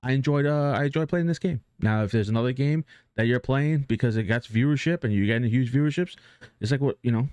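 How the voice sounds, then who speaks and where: A man's voice: mid-range voice, fast talker, a little mellow, clean tone, no room sound. A man streaming live who talks casually and earnestly about motivation, rambling with many restarts and fillers and swearing now and then.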